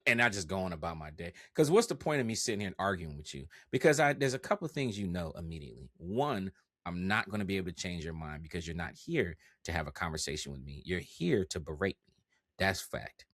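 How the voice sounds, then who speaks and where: A young man, a content creator guest on a podcast, telling stories in a lively, slangy way and swearing freely. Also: deep voice, fast, no echo, studio quality. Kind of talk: casual podcast chat.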